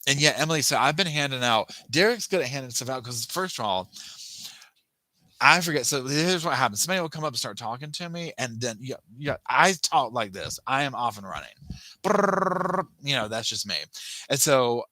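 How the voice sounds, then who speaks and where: A man's voice: medium pitch, expressive, normal speed, sharp tone, no room sound. A man hosting a casual live chat, rambling and restarting his sentences as he thanks viewers by name. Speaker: livestream host.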